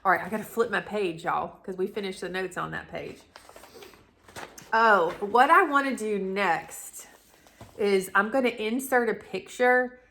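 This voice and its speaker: A Southern US woman who hosts a vlog channel tells a personal story to camera, chatty and rambling, calling her viewers "y'all." Her mid-range voice is fairly bright and her pace is measured.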